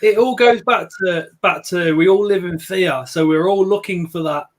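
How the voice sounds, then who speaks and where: A man's voice: high-pitched, moderate pace. A man ranting in casual chat, swearing as he talks.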